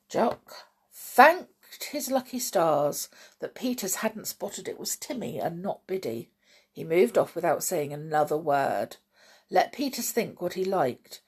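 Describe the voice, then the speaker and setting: A woman narrating a children's storybook in a soft, measured way. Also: fairly low pitch, big pitch swings, slightly rough. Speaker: audiobook narrator.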